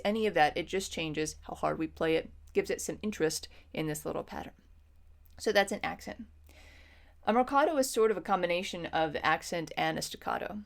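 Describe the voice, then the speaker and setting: A woman's voice: lowish voice, creaky. A woman music teacher explaining patiently in an instructional lesson, with frequent ums.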